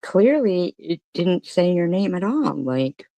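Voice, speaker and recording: A woman's voice: fairly low pitch, expressive, unhurried, vocal fry, warm tone, dry recording. A woman streamer heckling a played clip with blunt, profane, mocking retorts. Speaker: commentary streamer. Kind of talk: heckling commentary.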